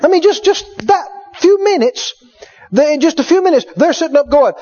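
High-voiced, emphatic preacher man. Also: animated, a little fast, mellow. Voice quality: emphatic, repetitive storyteller. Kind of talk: sermon. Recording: dull lo-fi recording.

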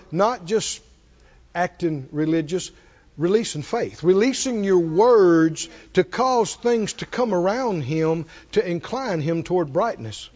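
High-voiced emphatic male preacher. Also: darkish tone. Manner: emphatic, with rhetorical questions to the congregation. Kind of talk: sermon. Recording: dull lo-fi sermon recording.

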